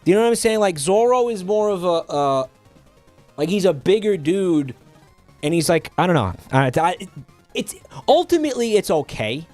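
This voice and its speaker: A man streaming live and chatting casually, rambling and halting, with many fillers and restarts and an offhand, sardonic tone. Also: high voice, big pitch swings, a little mellow, faint music behind.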